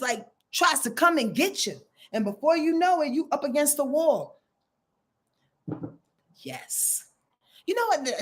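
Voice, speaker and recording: A woman astrologer delivers a casual weekly rundown straight to her viewers, blunt and profane. Her volume swings between loud and low.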